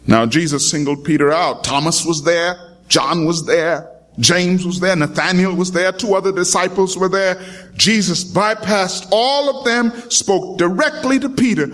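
A man's voice: high-pitched, fairly bright tone. A man preaching a sermon in a dramatic, emphatic way, calling out to his congregation.

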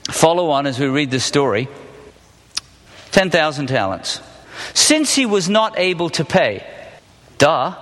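A man's voice: sits high, fairly bright tone, in a large hall. A man teaching a Bible passage, reading it aloud and then questioning his listeners with small laughs.

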